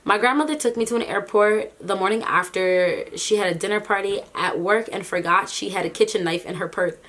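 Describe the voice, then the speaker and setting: Speaking briskly in a mid-range voice, a woman vlogger reacts casually and animatedly, sounding incredulous and repeatedly laughing between remarks.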